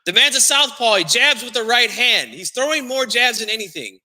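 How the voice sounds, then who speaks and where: A man hosting a boxing podcast, loud and theatrical, who talks about himself in the third person. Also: very high voice, animated, brisk, big-room sound, crowd noise. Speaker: podcast host. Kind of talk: hyped-up boxing talk.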